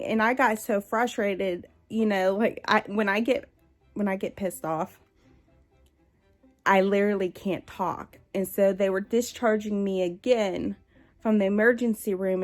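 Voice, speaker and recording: Young woman talking to her camera, candid and chatty, lots of ums and restarts, medium pitch. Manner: candid, conversational, with many fillers and restarts. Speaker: vlogger. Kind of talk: personal storytelling to camera.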